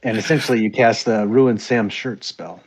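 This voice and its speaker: A man playing a tabletop game, teasing the others with quick jokes. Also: fairly low pitch, fairly even intonation, low-quality recording. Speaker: player. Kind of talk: casual tabletop game chat.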